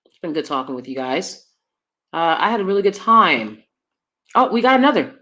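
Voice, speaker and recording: A woman from the United States hosting a livestream, talking in an emphatic, fiery, animated way and reading out super chats. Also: on the low side, normal speed. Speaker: host.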